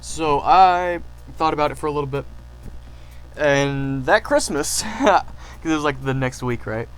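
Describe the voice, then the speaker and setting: A man casually telling stories to camera, excitable and rambling, with lots of fillers and restarts. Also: fairly high pitch, unhurried, clean tone, rough recording. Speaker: channel host.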